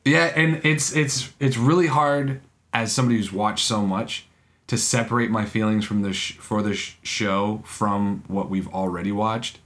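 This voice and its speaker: A man co-hosting a podcast in casual chat, rambling and halting, often breaking into laughs. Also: fairly low pitch, fairly bright tone. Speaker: podcast co-host.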